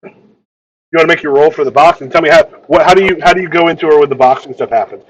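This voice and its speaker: A man runs a tabletop game as its game master, his voice sitting a little higher than most men's. He narrates in a stop-start way, circling back and repeating words as he sets up each scene. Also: slightly rough, highs cut off. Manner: halting, repeats words while describing.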